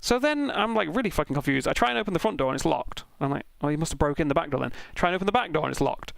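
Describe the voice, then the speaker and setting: A young man casually telling an animated, sweary anecdote while streaming a sim race. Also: on the high side, racing, vocal fry, no room sound. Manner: animated, swearing, self-mocking anecdote with laughs.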